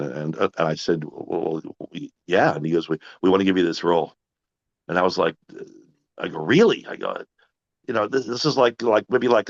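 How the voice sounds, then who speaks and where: A man's voice: deep voice, muffled recording. A middle-aged man, an actor being interviewed, telling long anecdotes with many stammered restarts and acted-out quotes of other people. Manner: animated anecdotes, acts out others' lines, frequent stammered restarts. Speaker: actor guest. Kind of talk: casual interview storytelling.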